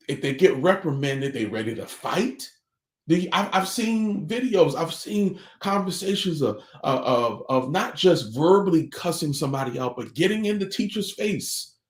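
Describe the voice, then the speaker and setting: Earnest high-voiced man preaching to parents. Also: a little mellow, roomy sound. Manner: earnest, preachy, repeated rhetorical questions. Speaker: family life speaker. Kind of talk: morning motivational talk.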